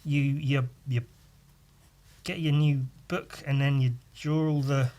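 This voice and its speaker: A man's voice: medium pitch, flat delivery, slow, a little mellow. A man hosting a podcast, rambling casually with crude, self-mocking humour while he draws. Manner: talks while drawing. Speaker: podcast host.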